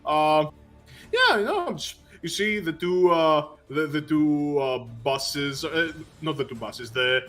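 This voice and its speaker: A man's voice: fairly high pitch, very animated, slow pace, a bit bright. A man running a tabletop game as game master, laughing often and rambling through his narration.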